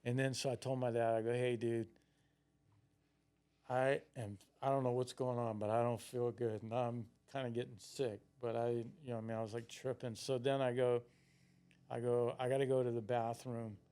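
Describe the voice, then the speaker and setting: A man's voice: medium pitch, level tone, normal speed, warm tone, smooth. A man in his sixties, a podcast guest telling rambling stories, swearing constantly and acting out what he once said. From Florida, United States. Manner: rambling, heavy swearing, acts out his own past lines. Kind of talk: casual storytelling.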